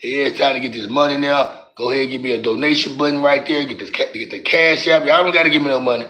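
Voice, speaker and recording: A man's voice: medium pitch, fast, bright, forceful tone, low-quality recording. A man hosting a casual livestream, joking and trash-talking viewers in the chat with heavy cursing. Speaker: livestream host.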